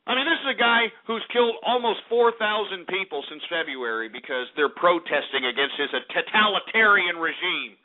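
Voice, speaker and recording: A man's voice: high voice, animated, normal speed, few pauses. A man hosting a talk radio show, ranting angrily and cursing at his targets. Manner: profane, furious, shouting insults. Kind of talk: angry talk radio rant. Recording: tinny phone-like radio broadcast.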